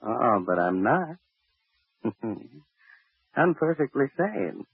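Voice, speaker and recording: An actor playing an unhinged jealous husband who taunts and laughs eerily, in 1940s radio acting on an old broadcast. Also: male voice, mid-range voice, big pitch swings, slow, creaky, slightly rough, no echo, narrow, tinny audio, full character voice. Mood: taunting.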